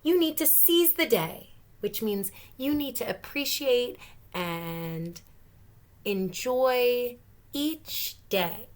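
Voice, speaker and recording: A caring storybook mother, gently firm, speaking in a very high, lively voice, as a woman reads her part aloud. She sounds encouraging and noticeably louder than the narration around her. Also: very slow.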